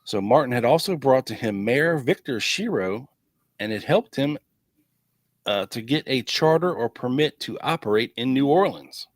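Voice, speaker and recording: A podcast host reading through old investigation files, casual and chatty, with wry asides thrown in between the quotes. His voice sits at an ordinary man's pitch. The sound is dry and close, with no room echo. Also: lively intonation, moderate pace. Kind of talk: casual chat, reading documents aloud.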